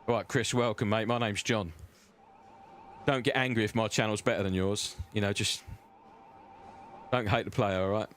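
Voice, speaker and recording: A man streaming a sim racing game live, chatting and joking with his viewers as he drives, his voice close and loud on his own desk mic. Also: lowish voice, steady tone, moderate pace, long pauses, a little hiss or hum. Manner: chatty, banters with chat, cheeky. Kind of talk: live-stream gameplay commentary.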